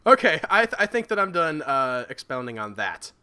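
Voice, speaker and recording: A man with a bright, fairly high voice chats through a tabletop story game. His pitch swings about a lot as he jokes and narrates his side of the scene. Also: normal speed, clear, resonant tone. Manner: jokey, animated. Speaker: tabletop game player and show regular. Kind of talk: casual game chat. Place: living in the Southern US.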